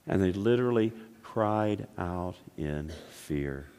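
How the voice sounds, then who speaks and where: A man preaching a sermon, telling stories and asking questions, swinging between loud exclaiming and hushed, quiet passages. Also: low-pitched, animated, slow, smooth. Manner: storytelling with repeated restarts and rhetorical questions. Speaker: pastor.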